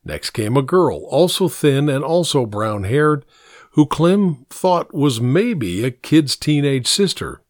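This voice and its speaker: Slow, expressive male storyteller. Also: on the high side, no echo, clean studio sound. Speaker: narrator. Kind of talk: story reading.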